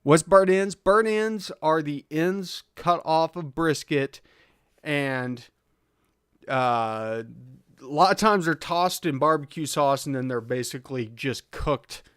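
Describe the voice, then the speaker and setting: A man's voice: on the high side, takes it slowly, a bit bright, smooth, no echo, clean studio sound. A man hosting a live car tuning stream, chatting casually, answering viewers' questions and chuckling often. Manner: laid-back, chuckling often, reads chat aloud.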